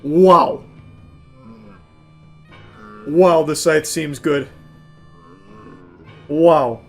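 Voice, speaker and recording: A man streaming a game, shouting, swearing and laughing in bursts between dry asides. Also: a little high, fairly even intonation, extremely slow, faint music behind. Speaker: gaming streamer. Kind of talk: live gameplay commentary.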